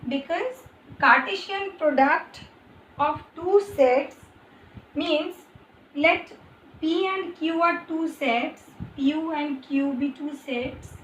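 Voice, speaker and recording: Indian woman, math teacher; high voice, unhurried, echoey room with faint hiss. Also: fairly bright tone, muffled recording. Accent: Indian English. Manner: slow, repeats and rephrases points. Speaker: maths teacher. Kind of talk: explaining math on a board.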